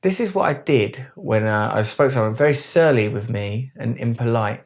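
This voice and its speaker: A man's voice: mid-range voice, lively intonation, moderate pace. A man giving a rambling, earnest, philosophical monologue on self-help. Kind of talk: reflective monologue.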